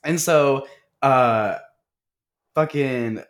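A man in a mid-pitched voice co-hosts a podcast and retells a movie scene by scene. His talk is casual and animated, laced with profanity and laughter, and he acts out the characters' lines as he goes. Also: very slow. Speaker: podcast co-host. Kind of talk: casual movie recap chat.

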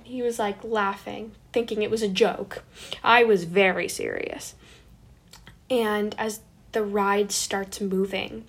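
A woman telling a personal story in a dramatic, animated and self-mocking way. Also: medium pitch, takes it slowly, husky. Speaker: vlogger.

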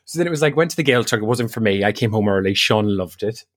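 An Irish man, a podcast co-host, telling an animated personal story, acting out what others said and laughing as he goes. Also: on the low side, fast talker. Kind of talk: casual chat, personal storytelling.

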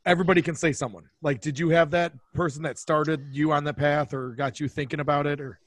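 Dry-sounding, higher-voiced male host. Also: fairly even intonation, fast, no echo. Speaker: podcast host, teacher. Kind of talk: casual interview.

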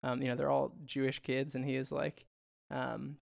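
Gravelly-voiced man chatting casually. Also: medium pitch, completely flat delivery, normal speed, no echo, studio quality. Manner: chatty, laughs often, trails off with fillers. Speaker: podcast co-host. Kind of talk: casual chat.

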